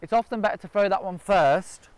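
Here a gundog trainer works outdoors, at a park and along a river, giving practical explanations of every step. His voice sits high and moves fairly fast, captured in a dry recording.

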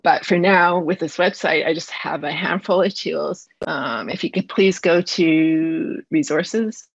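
A woman high school math teacher from Canada giving a live online presentation, speaking fast and earnestly with slight nerves, from home over a video call. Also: creaky, husky, no room sound, muffled recording.

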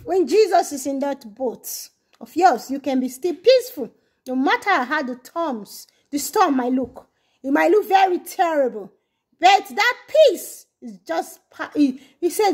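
High-pitched, fervent woman preaching. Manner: fervent, emphatic, with drawn-out stressed words. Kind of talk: impassioned sermon.

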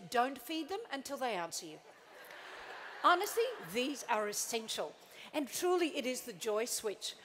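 A middle-aged woman leads a motivational talk for an audience seated at tables. Her voice sits high and swoops wildly up and down as she teases, acts out little scenes and coaxes everyone to join in. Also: a little hiss or hum. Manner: playful, animated, acts out little quoted scenes; coaxing the crowd into joining in. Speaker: motivational speaker. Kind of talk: live keynote talk to an audience.

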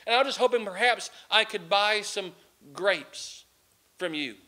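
A man voicing a poor, desperate mother who pleads haltingly and apologizes. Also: high-pitched, expressive, sharp tone, heavily acted. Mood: pleading.

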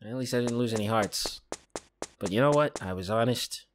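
A man's voice: mid-range voice, normal speed, noisy background. A man casually commenting while playing a game, sarcastic, profane and rambling. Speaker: streamer. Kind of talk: casual let's-play commentary. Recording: game music behind.

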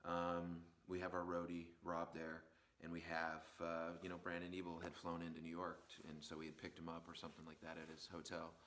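A man hosting his own podcast, telling a rambling road-trip story in a casual, animated way with lots of fillers. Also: sits low, brisk. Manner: animated, rambling anecdote with many fillers and asides. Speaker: podcast host and musician.

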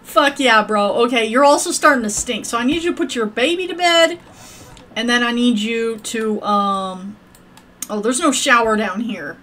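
A woman's voice: fairly high pitch, moderate pace, sharp tone. A woman streaming a game, rambling to her viewers and cursing at her characters in crude, profane chat. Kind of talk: casual gameplay commentary.

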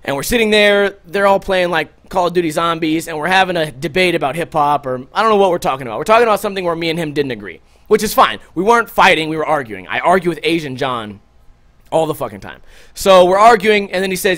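A man hosting a podcast, telling a story in a loose, profane, animated way and loudly acting out what people said. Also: a little high, fast. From Las Vegas. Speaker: podcast host. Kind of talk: casual storytelling monologue.

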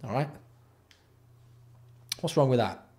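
A man's voice: mid-range voice, lively intonation, takes it slowly, warm tone. A man hosting a live stream, ranting and swearing in exasperation while reacting to products. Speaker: livestream host. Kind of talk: casual live-stream commentary.

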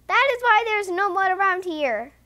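A woman's voice: sits high, sing-song, unhurried, bright, forceful tone, exaggerated voice. A woman voicing a small, mud-loving male piglet who is easily upset, with squealy exclaiming lines. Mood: startled.

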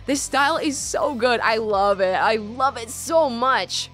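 A young woman streaming a game, gushing and excitable as she comments and reads the text aloud. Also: on the high side, unhurried, soft background music. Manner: gushing, excitable, many fillers.

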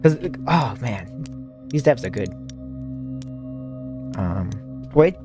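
A man's voice: medium pitch, lively intonation, very slow, over music. A man casually commenting to himself while playing a horror game, rambling with many fillers and restarts. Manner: rambling, self-talking, lots of fillers and restarts. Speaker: streamer playing a horror demo disc. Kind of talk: casual let's-play commentary.

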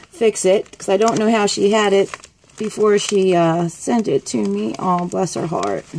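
A woman vlogger chatting excitedly and gushing as she opens friend mail. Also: lowish voice, a little hiss or hum. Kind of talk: casual unboxing chat.

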